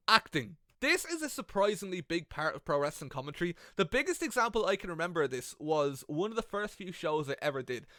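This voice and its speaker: A young Irish man giving comedic, sweary advice about wrestling commentary in an animated vlog, speaking into a gaming headset. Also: fairly high pitch, no echo, studio quality. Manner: animated, sweary, self-mocking.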